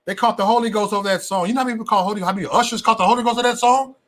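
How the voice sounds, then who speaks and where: A man hosting a casual livestream, talking in an animated, preachy way with lots of slang, repeating himself and stammering on restarts. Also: sits high, very fast. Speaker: livestream host.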